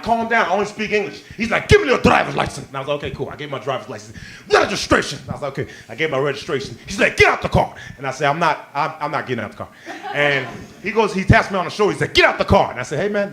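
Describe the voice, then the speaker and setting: A man doing stand-up, telling a story in an animated way, acting out other people's lines and laughing as he goes, on a club stage with a handheld mic. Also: high-pitched. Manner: animated, acts out voices, laughs mid-line. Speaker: stand-up comedian. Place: comedy club stage with a live audience.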